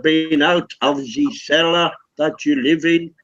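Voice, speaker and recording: A man's voice: a little high, fairly even intonation, slow, fairly bright tone. A man from Wales in a casual online voice chat, teasing others with crude, profane banter. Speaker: voice chat participant. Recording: dull lo-fi online voice chat audio.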